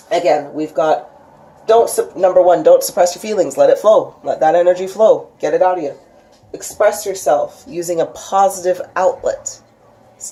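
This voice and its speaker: A woman teaching a casual spiritual lesson, talking chattily with many restarts and acting out quoted voices with big jumps in pitch. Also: mellow. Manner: frequent restarts and laughs.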